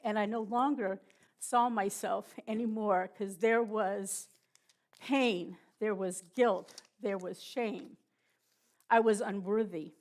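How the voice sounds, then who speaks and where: A middle-aged woman giving a personal testimony at church, halting and emotional, with many pauses and restarts. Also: medium pitch, fairly even intonation.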